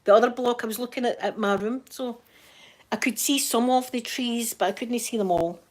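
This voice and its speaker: A woman's voice: fairly high pitch, a little fast. A woman with a Glasgow accent, hosting her channel with a chatty, rambling manner and Scots words. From Scotland. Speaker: channel host. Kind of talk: casual livestream chat.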